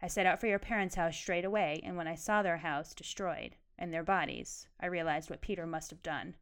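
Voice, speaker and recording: A woman reading aloud as a guilt-ridden, haunted grown man, quiet and heavy. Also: fairly low pitch, a little fast. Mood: remorseful.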